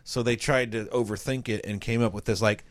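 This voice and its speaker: A man's voice: mid-range voice, steady tone, fairly quick, no echo. A man chatting casually on a podcast, rambling and swearing as he talks. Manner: rambling, swears a lot, breaks into loud mock old-time voices. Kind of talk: casual chat.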